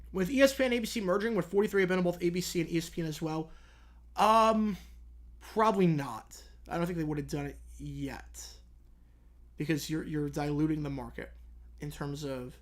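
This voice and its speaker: Young male streamer, casual drowsy Q&A, rambling delivery. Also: fairly high pitch. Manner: chatty, rambling, self-correcting. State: yawning, drowsy. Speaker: live-stream host answering chat. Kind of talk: casual live commentary and Q&A.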